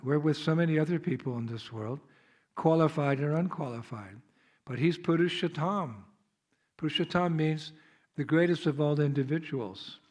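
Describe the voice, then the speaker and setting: Man, American accent, talks a little higher than most men, casual storytelling sermon, laughs often. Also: darkish tone. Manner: chatty storyteller, laughs often, acts out scenes. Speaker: visiting monk speaker. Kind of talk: devotional sermon. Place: temple hall.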